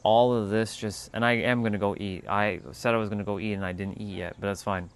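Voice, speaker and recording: A man hosting a casual spiritual livestream, talking in a calm, unhurried way that turns loose and profane at times. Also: on the low side, clean tone. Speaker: livestream host.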